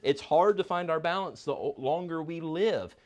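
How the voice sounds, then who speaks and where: Man, 50s, Bible class teacher; casual and halting, lots of repeats. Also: a little high, lively intonation. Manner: halting, repeats words and restarts often.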